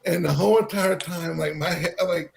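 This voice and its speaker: A man from Texas telling a long story in a rambling, animated way, full of fillers. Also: fairly high pitch, moderate pace, gravelly, slight background noise. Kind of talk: casual storytelling.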